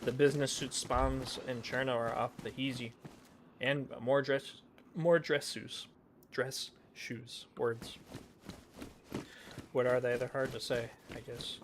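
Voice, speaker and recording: A man chats casually while streaming a game, rambling and poking fun at himself. He often drops into mumbled asides in a mid-range voice. Steady background noise sits behind him. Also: medium pitch, slow, pauses often. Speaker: streamer playing a role-play game. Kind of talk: casual gaming chat. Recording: noisy background.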